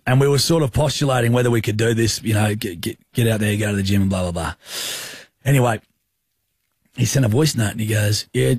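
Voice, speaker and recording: A man's voice: on the low side, a little fast, a little mellow, slightly rough, no echo, clean studio sound. A young man with an Australian accent, hosting a radio show with teasing, joking banter. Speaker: radio host. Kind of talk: casual on-air banter.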